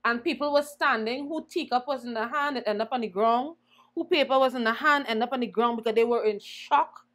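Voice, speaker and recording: A young woman singer, a guest in an interview, telling her story in an animated way and acting out the voices she quotes. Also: fairly high pitch, a little fast. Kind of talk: conversational storytelling.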